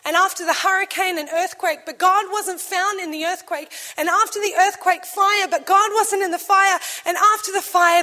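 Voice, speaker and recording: A woman preaching a sermon to a church, swinging between loud declarations and hushed, slow lines. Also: very high voice, fairly even intonation, big-room sound.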